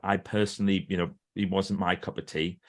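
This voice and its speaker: Low-voiced man telling lively stories. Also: fairly quick. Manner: animated storyteller who acts out quoted speech. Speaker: guest author and trainer. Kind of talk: storytelling in a podcast interview.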